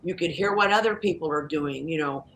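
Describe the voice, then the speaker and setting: A woman's voice: sits low, fairly quick, a little hiss or hum. A woman in her sixties, a guest on a video call, telling stories with an emphatic, evangelical fervor. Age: 60s. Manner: animated storyteller, evangelical and emphatic. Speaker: guest, documentary producer. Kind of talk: interview over video call.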